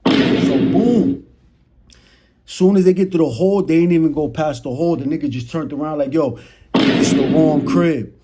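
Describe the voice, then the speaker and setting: There's a noisy background as a young man with a New York accent and a fairly high voice talks at normal speed. A storyteller vlogger, he delivers a slangy, casual storytime right to his chat, acting out each moment with animated energy.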